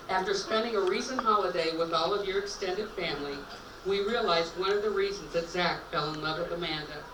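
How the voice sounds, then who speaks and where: A middle-aged woman with a fairly low voice gives an earnest, sentimental toast as the groom's mother at a rehearsal dinner. She's far from the mic in an echoey banquet hall, with background noise.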